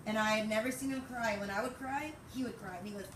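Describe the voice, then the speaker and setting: A woman's voice: on the high side, quick pace, few pauses. Rambling young woman, echoey and distant. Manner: rambling and anecdotal, often laughing. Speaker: friend giving a memorial tribute. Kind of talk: informal memorial speech. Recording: echoey, distant mic, background noise.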